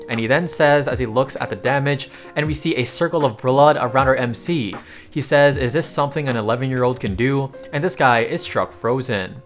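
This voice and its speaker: A man's voice: medium pitch, a bit bright. A man narrating a casual comic recap, tossing slangy, joking asides to his viewers.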